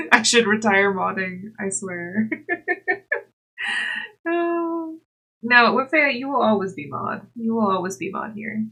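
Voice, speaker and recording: A woman's voice: on the high side, expressive, takes it slowly, long pauses, bright, forceful tone. A young woman chatting casually with her live chat while knitting, giggly and talkative. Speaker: livestreamer.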